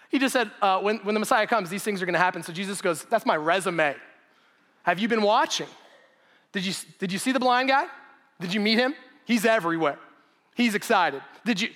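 A man in his thirties preaching a sermon to a congregation, animated and conversational, often repeating phrases for emphasis. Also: high-pitched, in a large hall. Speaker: pastor. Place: church gathering.

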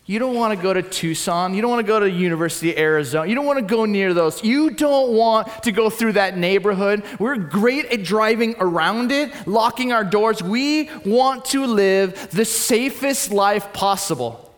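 A young adult man preaching a sermon in a church hall, telling the story with swings between loud and hushed delivery. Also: high-pitched, moderate pace, hardly any pauses. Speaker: pastor. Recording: long hall reverb.

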